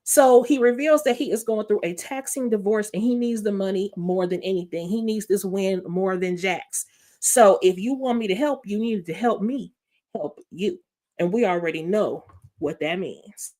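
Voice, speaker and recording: A woman hosting a live panel, recapping an episode in a chatty, animated storytelling way. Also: mid-range voice, normal speed. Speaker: panel host.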